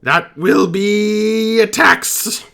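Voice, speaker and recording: Goblin captain, male, pompous and loud, voiced by a man, sharp bright tone. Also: sits high, fairly even intonation, drawn-out words, gravelly, voice pushed up, exaggerated voice. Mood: proud. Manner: bellowing, self-important proclamations.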